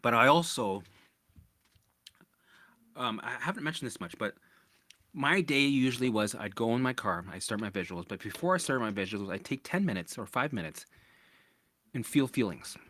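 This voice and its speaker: Man, solo podcast host, casual rambling monologue, profane, bright forceful voice, dry close sound. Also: medium pitch, animated, normal speed, long pauses, no echo. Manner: profane, rambling, keeps asking "right?". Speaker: podcast host answering listener questions.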